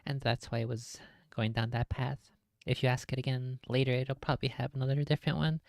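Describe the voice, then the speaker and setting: A streamer commenting on a clip with wry, joking asides in a gravelly voice. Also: medium pitch, darkish tone, dry recording, clean studio sound.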